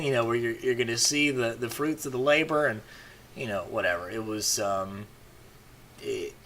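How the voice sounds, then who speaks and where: Male vlogger with a bright, forward tone, rambling off-the-cuff commentary. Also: medium pitch. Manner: rambling, many "you know" fillers and restarts.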